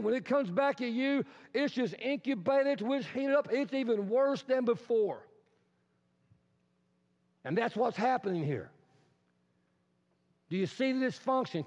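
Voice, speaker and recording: High-voiced pastor in an echoing sanctuary. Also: male voice, darkish tone. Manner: conversational, dramatic storytelling with rhetorical questions. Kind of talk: sermon. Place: church sanctuary. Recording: reverberant hall, dull lo-fi sound.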